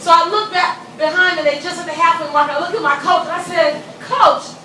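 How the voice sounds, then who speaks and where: A high-pitched, middle-aged woman delivering a motivational talk to a responsive crowd, her voice ringing through a large, reverberant hall. She tells stories energetically, jumps up in pitch when acting out quoted voices, and pulls the audience into call-and-response chants. She sits well back from the microphone, with crowd murmur and noise around her. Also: fairly quick. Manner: animated storytelling, leading the crowd in call-and-response. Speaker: motivational speaker. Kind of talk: live motivational speech. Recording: echoey hall, distant mic, audience noise.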